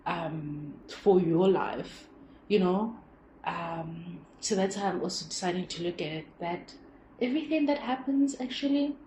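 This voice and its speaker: A young woman hosting her own show, telling personal stories in a rambling, expressive, reflective way. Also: fairly low pitch. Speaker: podcast host. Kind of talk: personal storytelling monologue. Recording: echoey room with faint background hum.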